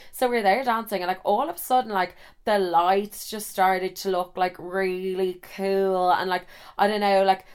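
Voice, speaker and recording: A young woman with an Irish accent, casually telling a story in a chatty, animated way full of fillers and swearing. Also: mid-range voice, clean tone.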